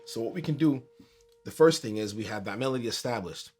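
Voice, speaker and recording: A man teaching a keyboard tutorial in a relaxed, conversational way, counting beats aloud as he plays. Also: mid-range voice, a little fast. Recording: piano music under the voice.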